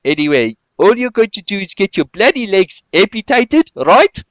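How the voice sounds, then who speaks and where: A woman's voice: medium pitch, big pitch swings, normal speed, no room sound, pitched above the performer's own voice, lightly acted. A man putting on the voice of a scolding mother with an exaggerated South African accent and crude, nagging talk. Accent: put-on South African.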